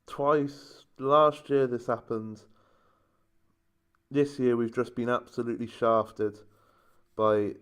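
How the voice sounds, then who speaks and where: Exasperated man moaning over a game. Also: medium pitch. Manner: moaning, exasperated running commentary. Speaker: gaming YouTuber. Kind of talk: casual let's-play commentary.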